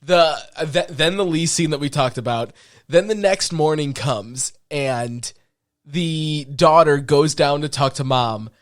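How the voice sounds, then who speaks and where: A man on a podcast, recapping a movie in casual chat, laughing often and acting out lines in quick voices. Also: a little high. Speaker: podcast co-host.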